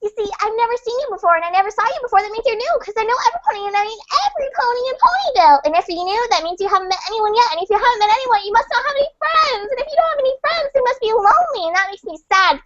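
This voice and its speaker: A woman voicing a hyper cheerful young female cartoon pony, chattering in rapid bubbly run-ons, on dull lo-fi audio. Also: extremely high pitch, very animated, very noisy, voice pushed up. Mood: bubbly excited.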